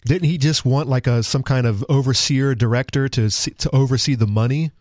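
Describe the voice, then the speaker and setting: A man's voice: mid-range voice, brisk, darkish tone, dry recording, studio quality. A man co-hosting a talk radio show, wry and sardonic in casual conversation.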